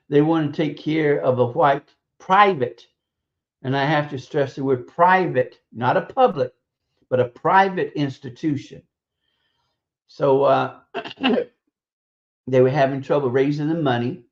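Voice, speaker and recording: A man giving blunt, profane, scornful opinion commentary on a radio stream, halting and hesitant between points. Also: on the high side. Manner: hesitant, halting delivery with drawn-out pauses. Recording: dull lo-fi stream audio.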